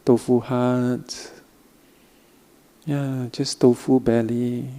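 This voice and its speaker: A middle-aged man teaching a Buddhist meditation talk in a gentle, repetitive, reassuring way. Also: medium pitch, flat delivery, very slow. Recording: long hall reverb.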